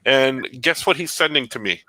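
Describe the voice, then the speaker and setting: Animated, bright-voiced man telling a story. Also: medium pitch, normal speed, dry recording, rough recording. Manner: animated storyteller acting out both sides of a conversation. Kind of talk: casual chat.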